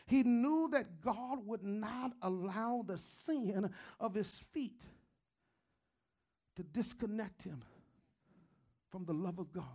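A male pastor preaching a sermon in a church, fervent and call-and-response, building from quiet to shouting, with many "uh"s and "come on now"s. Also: very high voice.

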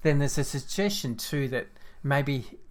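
An Australian man in casual football chat on a podcast, rambling and restarting his sentences often. His pitch sits in an ordinary middle range. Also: animated, a little slow. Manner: rambling, many restarts and filler words. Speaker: podcast co-host.

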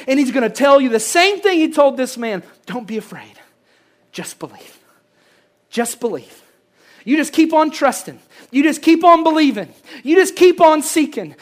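Pastor preaching with dramatic hushes. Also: high-pitched. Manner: dramatic shifts between loud emphasis and hushed delivery; repeats phrases for emphasis. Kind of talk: sermon.

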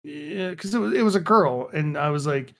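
A man co-hosting a gaming podcast in a loose, casual chat. He tells stories with animation and drops into little quoted voices as he goes. His voice sits fairly high for a man. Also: lively intonation, fairly quick. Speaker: podcast co-host.

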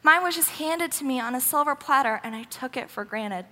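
A woman's voice: sits high, animated, a little fast, bright, forceful tone. A young woman giving a casual, sarcastic, emphatic sermon in a church hall. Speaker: youth speaker. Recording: roomy hall with long echo.

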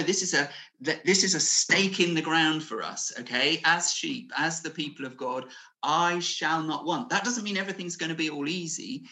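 A man's voice: fairly high pitch, gravelly, bright, forceful tone. A man preaching a sermon over a video call, earnest and conversational, with fillers and restarts, rising to emphatic declarations. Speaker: pastor.

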